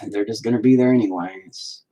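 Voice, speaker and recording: A man's voice: lowish voice, a little fast, mellow, low-quality recording. A man ranting in a profane, rambling way while painting in a casual vlog at home. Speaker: vlogger.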